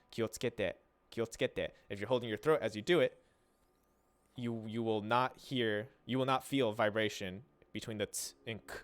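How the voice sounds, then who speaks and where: A man's voice: lowish voice, clean tone. Chatty man teaching pronunciation on stream. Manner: loose and chatty, trails off and restarts, demonstrates sounds slowly. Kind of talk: casual livestream lesson.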